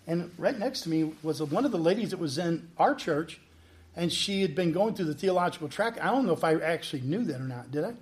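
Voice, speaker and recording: Animated man telling a pastor's story. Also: on the high side, brisk. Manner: animated, acts out quoted dialogue. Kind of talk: personal testimony storytelling.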